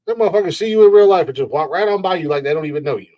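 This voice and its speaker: A man's voice: on the high side, animated, rapid-fire, mellow, dull audio. A man hosting a podcast, ranting in a rambling, profane way and laughing at his own jokes. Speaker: podcast host.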